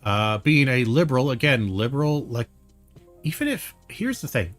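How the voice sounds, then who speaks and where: A man's voice: medium pitch, very animated, moderate pace, fairly bright tone, soft background music. Rambling heated male video commentator. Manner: rambling, heated, many fillers and restarts. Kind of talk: casual spoken commentary.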